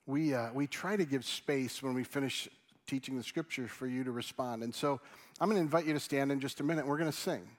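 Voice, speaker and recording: A man preaching a sermon and leading a prayer as pastor, earnest and pleading, his voice dropping soft and low as he prays. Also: fairly quick. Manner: animated, rising questions to the congregation.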